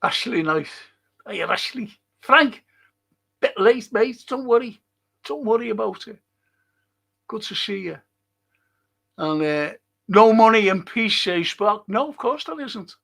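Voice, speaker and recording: A man's voice: high-pitched, lively intonation, a little slow, creaky, pauses often, bright, forceful tone. A man, older, hosting a podcast in casual rambling talk and chuckling through his stories. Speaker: podcast host.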